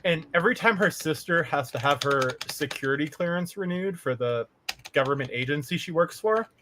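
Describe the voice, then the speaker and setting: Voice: medium pitch, lively intonation, brisk, noisy background. A podcast co-host from Canada chatting casually, telling profane stories and laughing often. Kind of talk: casual chat.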